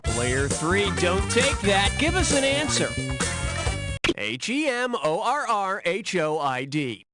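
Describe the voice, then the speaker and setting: A man's voice: sits high, sing-song, takes it slowly. A man hosting a quiz game in a sarcastic, mocking way, swinging his voice up and down as he teases the players. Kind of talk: snarky game show hosting. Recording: loud music behind the voice.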